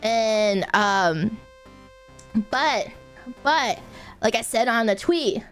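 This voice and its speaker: Chatty high-voiced woman streamer. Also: lively intonation, very slow, a bit bright, smooth, faint music behind. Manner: rambling storytelling with lots of fillers and bursts of laughter. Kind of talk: casual chat.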